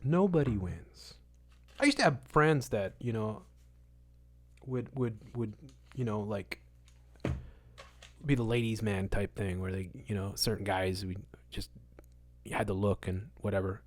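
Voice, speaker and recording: A man's voice: fairly low pitch, steady tone, a little slow. Emphatic man ranting on a livestream. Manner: emphatic, moralizing, repeats words for stress; swings between loud outbursts and muttered asides. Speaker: livestream host answering chat. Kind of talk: casual livestream rant.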